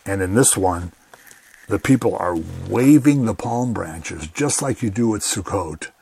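A man's voice: on the low side, animated, unhurried, vocal fry, dark tone, husky. A man giving a radio Bible teaching in an earnest, conversational way, often saying "you know".

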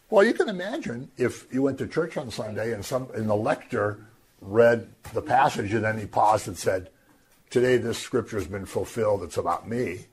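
A man teaching from the Bible in a lively, conversational way, acting out the crowd's voices. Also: fairly low pitch, moderate pace, breathy edge. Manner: animated, acts out voices of the crowd. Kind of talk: scripture teaching.

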